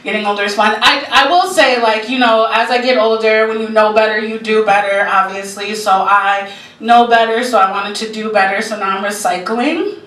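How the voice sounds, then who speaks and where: A woman's voice: mid-range voice, steady tone, moderate pace, fairly bright tone. Brash, profane woman doing stand-up. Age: 40s. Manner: brash, profane, laughing at her own jokes. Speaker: stand-up comedian. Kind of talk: stand-up comedy set. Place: comedy club stage. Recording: roomy live club recording, heard from a distance, noisy.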